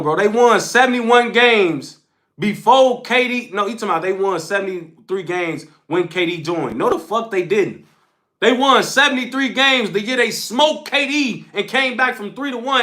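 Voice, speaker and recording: A man's voice: very high voice, sharp tone. A young man hosting a livestream, speaking as he scolds his chat in a heated, repetitive, slangy rant. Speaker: livestream host.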